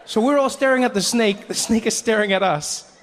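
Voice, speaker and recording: A man performing stand-up comedy, telling a story in an animated way with acted voices. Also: sits high, a little fast, slight background noise.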